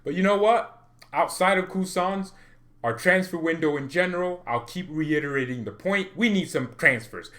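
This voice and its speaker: A man vlogging as a football fan, ranting in a loud, playful, exaggerated way and jumping into comic asides. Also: on the high side, normal speed. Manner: swings from mock-romantic murmur to loud excited ranting. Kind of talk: animated fan rant.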